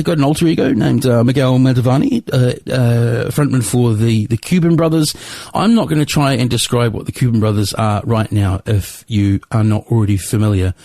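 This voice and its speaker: A man's voice: medium pitch, a little mellow, no room sound. Rambling male podcast host, dry sound. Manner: rambling, hesitant, many fillers. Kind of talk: solo podcast outro.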